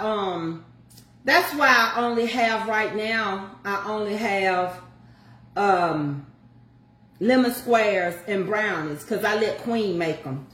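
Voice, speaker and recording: A woman's voice: a little high, a bit bright, echoey room. An older woman chatting folksily to viewers as she walks through a home recipe. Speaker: home cook showing a recipe. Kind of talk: casual cooking chat.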